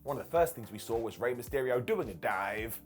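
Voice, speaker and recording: A British man casually reviewing a wrestling show as its regular host, joking and putting on quick mock voices. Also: medium pitch, soft background music. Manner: animated, jokey, mock voices for quotes.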